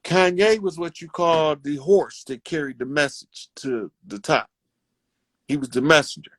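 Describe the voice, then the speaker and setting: A man's voice: on the high side, a little slow, a bit bright, no echo. A man giving a casual, preachy monologue to his community, fervent and profane as he lectures his listeners. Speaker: online speaker addressing his community.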